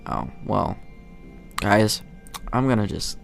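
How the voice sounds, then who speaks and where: A man's voice: on the low side, unhurried, vocal fry, pauses often, soft background music. A man casually commenting on a game and reading its text aloud, chatty and self-deprecating. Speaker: gaming channel host.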